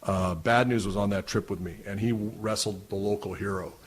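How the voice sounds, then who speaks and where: A middle-aged man from Canada with a fairly low voice tells a story over a podcast mic. He talks casually, laughs often and gets more animated as he goes. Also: a little fast, slightly rough. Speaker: guest, wrestling announcer.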